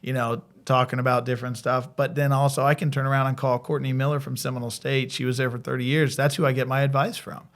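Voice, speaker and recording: A man with an American accent, a college athletic director and former softball coach, telling stories in a casual interview and acting out the quoted lines. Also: mid-range voice, fast, hardly any pauses. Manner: animated storyteller, acts out quoted dialogue.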